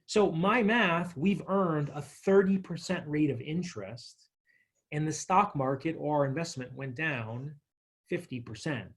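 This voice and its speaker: A man leads a financial literacy workshop in a slightly husky, fairly high voice, talking a little slowly. He's energetic and chatty, walking through workbook examples and telling small stories with acted-out quotes to make each point.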